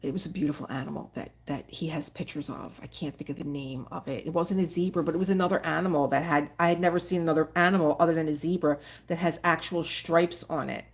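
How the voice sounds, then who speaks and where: A woman's voice: low voice, fairly even intonation, fast talker, hardly any pauses. A middle-aged woman from the Philadelphia area, hosting a livestream and chatting in a rambling, emotional way with her viewers. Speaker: livestream host. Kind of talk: casual chat with live viewers.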